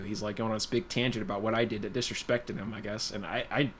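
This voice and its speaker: A man's voice: fairly low pitch, fairly even intonation, quick pace, a bit bright, slight background noise. A man hosting a casual stream, telling a personal story in a rambling, blunt way full of "you know" and "like". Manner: blunt, plainspoken. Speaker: guitar livestream host.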